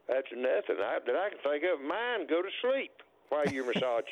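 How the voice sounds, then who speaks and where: A man calling in to a radio show, answering in a halting way with many fillers. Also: on the high side, sing-song, no echo. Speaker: caller. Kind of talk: call-in radio chat. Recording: tinny phone line.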